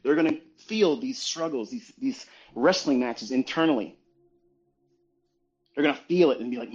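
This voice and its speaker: A man's voice: medium pitch, moderate pace, long pauses, darkish tone. A man giving a motivational talk as a trading educator, blunt and profane, firing off rhetorical questions. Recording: dull lo-fi audio with faint music.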